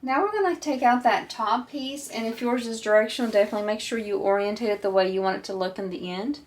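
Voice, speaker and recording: A woman teaching a step-by-step sewing tutorial, explaining each step calmly and patiently as she works. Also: a little high, fast talker, a little hiss or hum. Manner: calm, patient, walks through each step. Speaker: sewing instructor.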